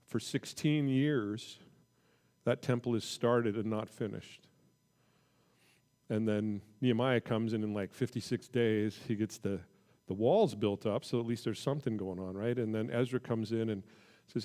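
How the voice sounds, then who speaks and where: Relaxed conversational male Bible teacher. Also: lowish voice, unhurried. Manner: conversational, animated when reading scripture aloud. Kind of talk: casual midweek Bible teaching.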